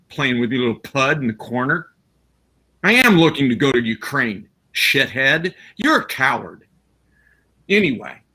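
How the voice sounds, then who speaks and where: Excitable high-voiced man, very animated. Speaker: live stream guest. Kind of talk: casual live stream chat.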